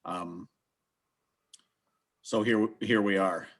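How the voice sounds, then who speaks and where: A man chairing a town finance board, calmly explaining how an item got onto the agenda. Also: deep voice, drawn-out words. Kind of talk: public meeting discussion.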